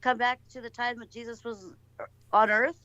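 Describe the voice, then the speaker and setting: A woman's voice: fairly high pitch, little pitch movement, moderate pace, sharp tone, dry recording, muffled recording. A woman chatting casually on a talk show, asking blunt questions and telling personal stories. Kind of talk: casual chat.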